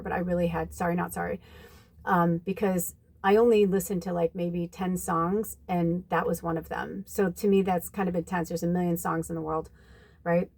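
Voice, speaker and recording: A woman's voice: on the low side, dark tone. A woman, a spiritual medium, talking casually and rambling with lots of fillers and some swearing while giving advice to her viewers. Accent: American. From United States.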